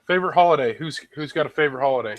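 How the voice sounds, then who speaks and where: A man with a sinus infection chatting casually in a group call, making quick, easygoing remarks. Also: fairly high pitch, highs cut off. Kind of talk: casual chat.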